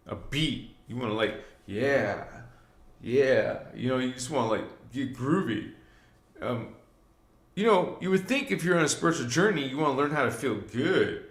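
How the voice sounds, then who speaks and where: Slow-talking guy rambling on a spiritual livestream, voice swoops up and down, echoey room. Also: on the high side, a bit bright. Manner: loose, meandering, frequent fillers and asides; addresses viewers directly and preachy. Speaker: livestream host. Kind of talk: rambling live spiritual talk.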